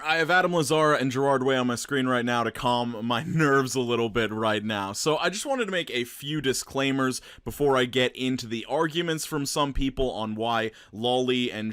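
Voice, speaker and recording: A man's voice: mid-range voice, a bit bright, dry recording, studio quality. A man giving a blunt, earnest commentary to camera as a vlogger, sometimes swearing.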